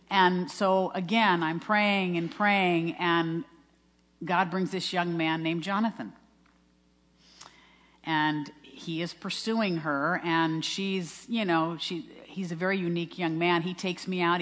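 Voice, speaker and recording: An older woman in her sixties shares a heartfelt testimony in a fairly low voice, earnest and storytelling, often restarting her sentences. Her words ring out with the long reverb of a large church hall. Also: a bit bright. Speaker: speaker giving a personal testimony.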